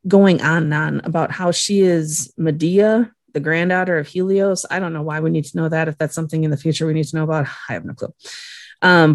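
A woman with a somewhat low voice retells TV scenes on a casual podcast. She leans on fillers and wry asides, close to a dry mic. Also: no echo. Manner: storytelling recap with lots of "like" fillers, wry asides. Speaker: podcast co-host recapping a TV episode. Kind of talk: casual chat.

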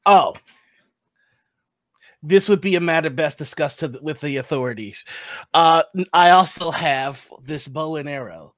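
A man's voice: fairly high pitch, unhurried, long pauses, fairly bright tone, no room sound. Man role-playing a polite formal character, hesitant, dry recording. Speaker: player. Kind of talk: in-character tabletop role-play.

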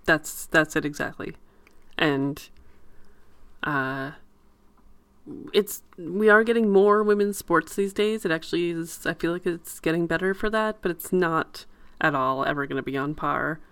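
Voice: mid-range voice, measured pace, a bit bright, smooth, no echo. A podcast co-host in casual chat, mostly agreeing with short replies and brief comments.

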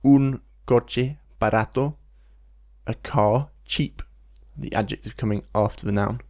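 Man, language teacher, patient explanations, slows down for example phrases. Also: medium pitch, a little mellow. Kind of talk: relaxed podcast-style language lesson.

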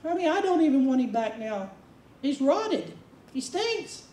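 A woman preacher puts on an upset, grieving woman who protests and repeats herself in exasperation. The voice is high and warm, and it echoes through a roomy space from a distant mic. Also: very animated, a little slow, a little hiss or hum. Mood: exasperated. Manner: exasperated, insistent repetition.

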